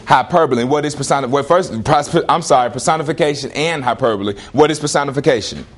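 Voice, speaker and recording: A male teacher leading a classroom lesson, firing questions at students in lively call-and-response. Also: mid-range voice, fast talker.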